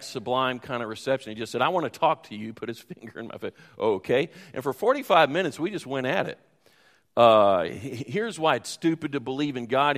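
Pastor preaching in a reverberant church. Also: male voice, medium pitch. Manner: rambling anecdotal storytelling with many fillers. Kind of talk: sermon. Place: church sanctuary. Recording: long hall reverb.

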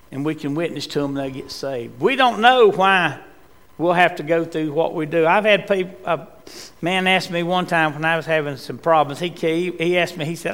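A man preaching a sermon in a church, rising to impassioned cries and then dropping quiet. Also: fairly high pitch, creaky. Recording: long reverb in a church hall.

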